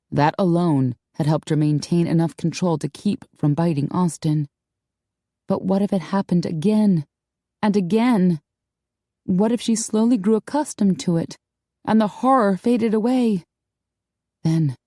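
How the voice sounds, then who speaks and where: A woman narrating an audiobook in a calm, measured storytelling manner, close to a studio mic. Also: deep voice, dry recording. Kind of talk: scripted narration.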